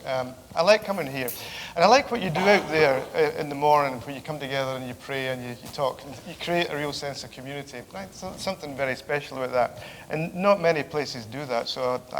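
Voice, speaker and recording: A middle-aged man giving a relaxed, joking lecture as a theology professor, often pausing on fillers. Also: on the high side. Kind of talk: conversational lecture. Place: large lecture hall. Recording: reverberant hall with faint background noise.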